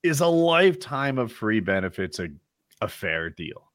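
A man's voice: on the low side, sing-song, normal speed, a bit bright, no echo, studio quality. A man co-hosting a casual podcast chat, provocative and sarcastic, joking his way through arguments. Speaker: podcast co-host.

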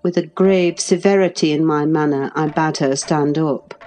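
A woman narrating a classic novel in a measured, expressive storytelling voice. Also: deep voice, faint music behind. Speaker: audiobook narrator.

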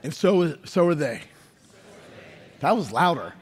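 High-voiced preacher man in a big hall. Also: very animated, a little slow, breathy edge. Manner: impassioned, building to shouts. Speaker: pastor. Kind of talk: sermon. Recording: long reverb of a large hall.

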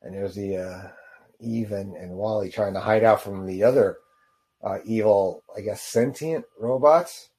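A man giving casual reaction commentary on a short film, rambling and halting with lots of fillers. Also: fairly low pitch, mellow. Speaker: video reactor.

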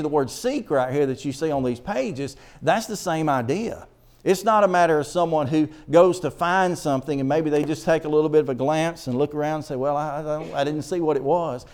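A middle-aged man with a somewhat high voice preaches in a church. He reads scripture slowly, then drives his points home with earnest, emphatic delivery. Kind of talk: sermon.

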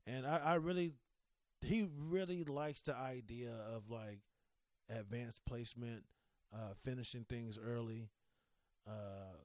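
A man's voice: medium pitch, darkish tone, dry recording. A man in his thirties hosting a casual solo podcast, talking candidly and emotionally about his son, rambling with restarts and the odd curse into a studio microphone. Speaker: podcast host.

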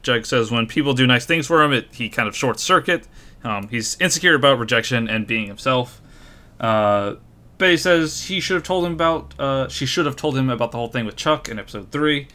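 Bright-voiced man recapping a show. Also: mid-range voice, lively intonation, brisk. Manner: reads plot summary with many ums and uhs. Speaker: podcast co-host recapping episodes. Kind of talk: casual recap chat.

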